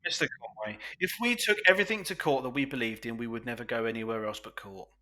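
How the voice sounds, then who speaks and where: A man's voice: medium pitch, fast talker, crowd noise. A man co-hosting a podcast, arguing his own defence in a mock court with a pompous lawyerly manner.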